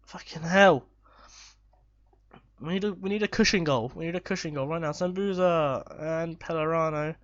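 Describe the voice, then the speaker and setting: A man commentating live on his football management game, excitable and swearing when chances are missed. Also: high voice, dry recording, muffled recording. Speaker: gaming YouTuber.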